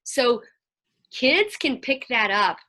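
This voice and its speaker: A woman counselor talking to a group over a video call, telling lively stories and acting out what children said. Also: a little high, takes it slowly. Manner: animated storyteller, acts out children's voices.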